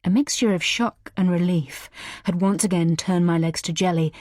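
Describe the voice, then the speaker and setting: A woman's voice: on the low side, fairly even intonation, moderate pace, no echo, studio quality. A woman narrating a first-person thriller audiobook in a tense, dramatic manner. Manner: tense, dramatic, shouting in character lines.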